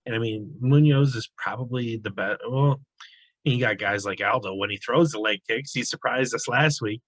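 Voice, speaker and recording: A man's voice: medium pitch, moderate pace, fairly bright tone, dry recording, low-quality recording. A man giving sports betting analysis in a casual, conversational way, with frequent fillers and restarts.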